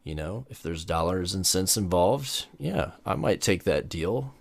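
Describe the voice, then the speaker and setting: A man co-hosting a gaming podcast, talking in a measured, analytical way. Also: low voice, expressive, gravelly, no echo. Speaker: podcast co-host. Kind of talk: casual gaming podcast chat.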